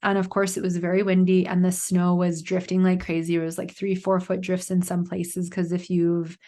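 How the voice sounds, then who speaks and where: A woman's voice: fairly low pitch, monotone, moderate pace, mellow. A woman in her thirties hosting a solo podcast, telling a personal story in a chatty way with lots of fillers. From Canada. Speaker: podcast host. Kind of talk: casual solo podcast monologue.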